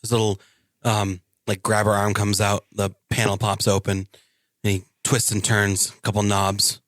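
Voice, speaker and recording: A man's voice: on the low side, monotone, normal speed, fairly bright tone, dry recording, clean studio sound. A man playing a tabletop game, loosely describing his droid character's actions. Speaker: player.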